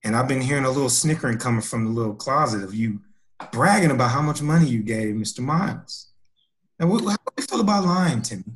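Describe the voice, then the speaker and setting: Scheming male teacher, evasive and smooth, in an improvised skit played by a man. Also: mid-range voice, lively intonation, fast talker, natural voice. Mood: stern.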